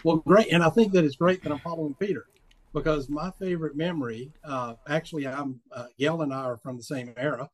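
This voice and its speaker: Upbeat man, fairly high voice. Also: a little fast, a little mellow. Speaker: podcast guest. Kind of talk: casual recollection.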